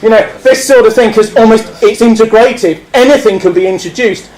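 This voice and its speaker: A man giving a public speech, animated, acting out scenes and laughing. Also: sits high, a little fast, echoey room, a crowd in the background, rough recording. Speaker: speaker.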